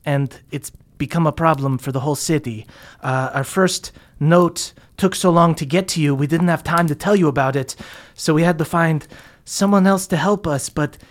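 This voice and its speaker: A man's voice: on the high side, close to an everyday voice. A man voicing an anxious teenage frost dwarf girl who pleads in a hurry. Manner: pleading, hurried.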